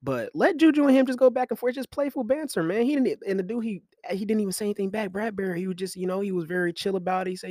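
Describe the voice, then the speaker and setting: A young man hosting a podcast, talking sports in loose, slangy, animated commentary with frequent laughs. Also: sits high, quick pace, few pauses, no echo, studio quality. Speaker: podcast host. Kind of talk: casual commentary.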